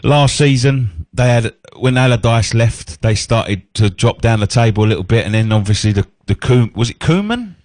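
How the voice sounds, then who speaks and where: A man's voice: medium pitch, lively intonation, moderate pace, few pauses, darkish tone, no room sound. A man co-hosting a radio show, chatting about football in matey banter. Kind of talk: casual football chat.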